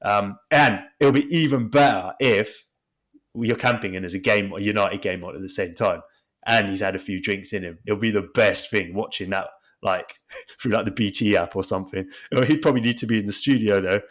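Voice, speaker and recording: A man's voice: lowish voice, moderate pace. A man co-hosting a casual podcast with his brother, rambling and restarting his sentences. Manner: rambling, with frequent restarts and laughter. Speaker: podcast co-host. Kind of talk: casual chat between brothers.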